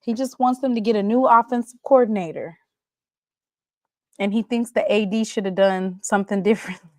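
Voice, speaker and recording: A woman hosting a casual sports show, excitable and answering chat commenters by name. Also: medium pitch, fairly quick, dry recording, clean studio sound.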